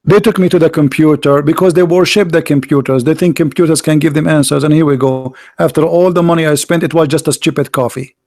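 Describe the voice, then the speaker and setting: A man delivering an argumentative monologue as a street debater, emphatic and scornful, repeating himself and swinging between loud outbursts and low asides. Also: fairly even intonation, quick pace, few pauses.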